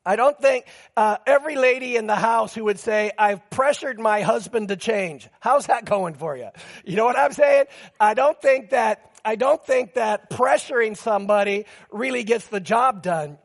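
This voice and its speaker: A man preaching a sermon as pastor, telling stories with quick asides and acting out the quotes in lively bursts. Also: sits high. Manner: animated storytelling with quick asides and acted-out quotes.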